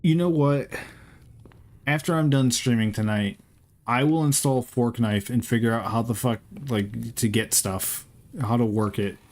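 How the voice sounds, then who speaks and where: A man's voice: mid-range voice, fairly even intonation, unhurried, darkish tone. A man streaming a game, chatting casually and profanely with his viewers in a rambling, joking way. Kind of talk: casual chat with live chat while playing.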